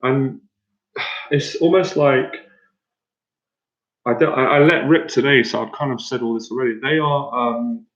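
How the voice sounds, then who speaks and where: A man's voice: medium pitch, a little slow, pauses often. Blunt rambling man in an echoey room. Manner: blunt, rambling, repeats words and restarts. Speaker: dating coach. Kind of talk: motivational talk to an audience. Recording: echoey room, dull lo-fi sound.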